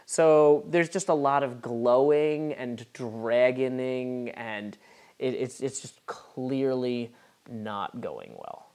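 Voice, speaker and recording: Man narrating as game master. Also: mid-range voice. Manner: wry, storytelling, quick asides.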